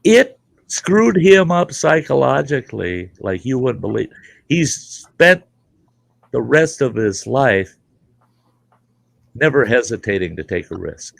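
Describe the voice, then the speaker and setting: Gravelly older man telling a crude story. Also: mid-range voice, very animated, slow pace, pauses often, no echo, poor audio. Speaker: podcast host. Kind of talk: campfire storytelling.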